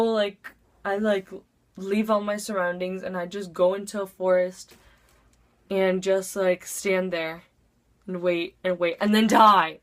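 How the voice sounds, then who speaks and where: A teenage girl telling a storytime vlog story. She talks in a chatty, breathless rush, fills it with "like", and jumps into dramatic voices for the big moments. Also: mid-range voice. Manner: dramatic voice swings into acted quotes. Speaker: vlogger.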